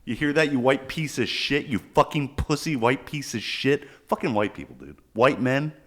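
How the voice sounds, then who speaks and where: This young podcast co-host has an expressive, fairly bright voice of medium pitch and keeps a moderate pace. Joking around in casual conversation, he rambles crudely and swears along the way.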